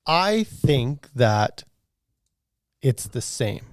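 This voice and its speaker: A man's voice: medium pitch, sing-song, very slow, no echo. Male podcast co-host, laid-back joking banter, dry close sound. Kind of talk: casual podcast chat.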